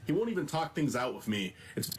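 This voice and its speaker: A man's voice: on the high side, big pitch swings, brisk, a little hiss or hum, voice pushed up. A man voicing a bitter, troubled young guy. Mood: resentful. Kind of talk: voice-acting takes for a fan audio drama.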